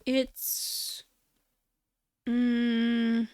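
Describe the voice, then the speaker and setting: Woman streamer, casual rambling chat, slightly high voice, dry close mic. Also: monotone, very slow, darkish tone, clean tone, no echo. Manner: rambling, searching for words, playful sound effects.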